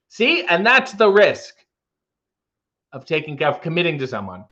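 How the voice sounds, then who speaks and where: A man hosting a casual livestream, reading viewer comments aloud with wry, deadpan asides. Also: high-pitched, normal speed, highs cut off. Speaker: livestream host.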